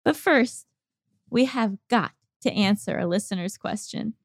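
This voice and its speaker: A woman's voice: medium pitch, measured pace, dry recording, studio quality. A young woman co-hosting a podcast in casual chat, giggly and playful, reading a listener's letter aloud. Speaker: podcast co-host.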